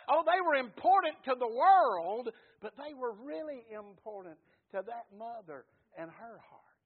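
A man preaching a sermon in a folksy, repetitive way that swings between loud and hushed. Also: very high voice. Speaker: pastor. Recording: tinny phone-like sound.

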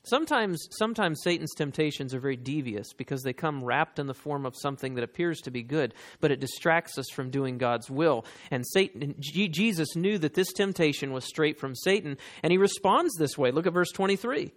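A man preaching a sermon, talking straight to his listeners and reading scripture slowly and with weight. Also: a little high, expressive. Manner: reads scripture slowly and with emphasis, talks to listeners directly.

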